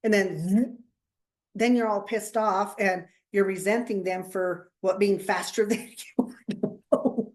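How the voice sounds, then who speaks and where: Woman telling lively anecdotes. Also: medium pitch, slow pace. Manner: animated storyteller, acts out quotes, laughs often. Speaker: podcast co-host, counselor. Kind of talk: casual chat, storytelling.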